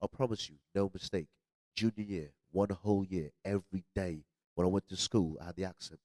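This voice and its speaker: A low-voiced man hosts a casual podcast chat at a brisk clip. He keeps sliding into put-on Jamaican and London slang and laughs easily. The sound is dry and close. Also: fairly even intonation, darkish tone, no echo. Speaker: podcast host.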